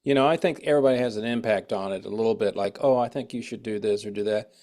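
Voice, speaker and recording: A man's voice: fairly low pitch, fast talker, mellow. Casting: middle-aged man, chatty interview host, loose storyteller. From United States. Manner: rambling, anecdotal, with frequent restarts. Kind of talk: casual interview chat.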